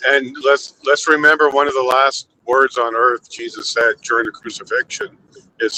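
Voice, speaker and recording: Bright-voiced male talk show host. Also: mid-range voice, level tone, normal speed, slight background noise, low-quality recording. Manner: reflective, steers the talk with questions. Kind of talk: casual talk show chat.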